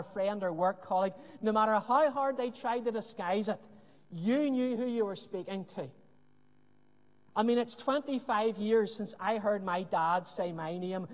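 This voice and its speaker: A man preaching a sermon with earnest emphasis and dramatic pauses, often dropping to a hushed voice. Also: high-pitched. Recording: long hall reverb.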